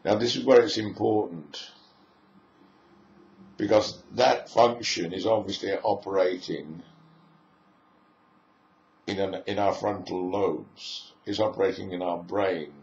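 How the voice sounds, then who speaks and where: A man's voice: deep voice, slow, creaky, pauses often, darkish tone. A man giving a spoken lecture in a musing way, piling up lists of phrases as he goes. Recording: echoey room, dull lo-fi sound.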